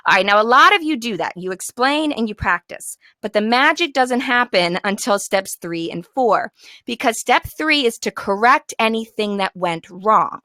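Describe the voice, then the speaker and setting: A bright-toned young woman coaches teachers in an upbeat, encouraging way, now and then slipping into the voice she uses with her class. The sound is close and dry, with no room around it. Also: on the high side, lively intonation, normal speed, dry recording. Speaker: teacher trainer.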